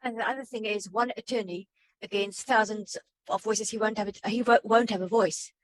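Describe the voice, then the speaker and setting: On a video call, a woman reads audience questions from a webinar aloud and adds remarks of her own, stumbling a little as she goes. Her medium-pitched voice stays fairly even and moves fairly quickly, and the rough recording carries a slight hiss or hum.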